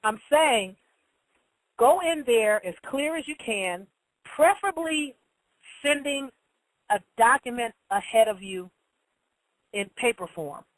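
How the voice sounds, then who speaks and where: Straight-talking woman host, cussing, quick, dry close mic. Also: a little high, animated, no echo, poor audio. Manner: blunt, profane, fast-talking. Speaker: talk show host. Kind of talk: live call-in talk monologue.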